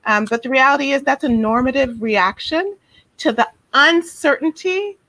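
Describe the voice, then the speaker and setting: A woman with a fairly high voice talks gently and reflectively as a guest therapist. She is on a video call with a dry, close sound, and she often restarts her sentences around soft fillers. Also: moderate pace, no echo, poor audio. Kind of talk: casual interview talk.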